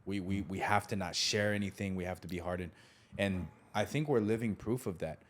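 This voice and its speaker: A man in his thirties casually telling a childhood story as the podcast host, animated, acting out voices and laughing often. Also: low-pitched, fairly quick, slight background noise.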